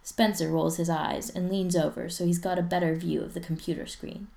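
Female audiobook narrator, lowish gravelly voice, steady even storytelling. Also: fairly quick. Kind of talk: audiobook reading of fiction.

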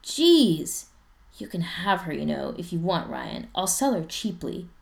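A woman voicing a playful, teasing teenage boy who talks in an excitable, raised voice. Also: on the low side, moderate pace, vocal fry.

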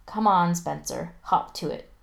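A woman voicing a brisk, teasing middle-aged mother in an audiobook, her voice raised and dry. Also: fairly low pitch, vocal fry. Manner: dry, teasing, mock-stern.

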